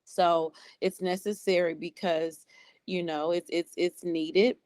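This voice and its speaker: A pastor's wife speaking on a video call, measured, earnest and thankful. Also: female voice, on the low side, flat delivery, darkish tone, smooth, dry recording.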